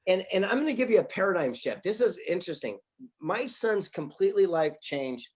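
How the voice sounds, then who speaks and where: A man's voice: sits high, very animated, a little fast, a little mellow. A middle-aged man telling anecdotes as an interview guest, sometimes laughing through the punchlines. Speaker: guest author and speaker. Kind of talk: interview storytelling.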